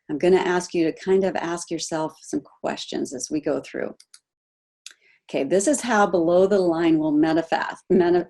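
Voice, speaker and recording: A woman coaching a group on a video call, animated, asking her listeners questions and acting out example voices. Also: on the low side. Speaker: health coach.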